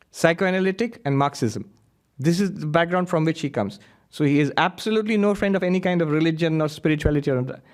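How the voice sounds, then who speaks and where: A man who is a monk, giving a lively spiritual lecture full of anecdotes and frequent laughter. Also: on the high side. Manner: animated storyteller who laughs often.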